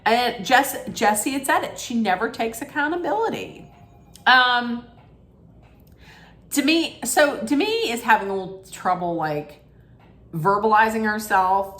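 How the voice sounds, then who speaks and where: A woman's voice: medium pitch, fairly bright tone. A woman giving a casual recap rant of a reality show, rambling and opinionated with frequent ums and restarts.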